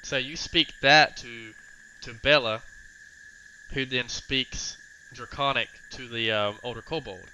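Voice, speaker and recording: A man's voice: mid-range voice, fairly even intonation, slow pace, sharp tone, clear, resonant tone, poor audio. A man running a tabletop game as game master, narrating with amused, chatty energy.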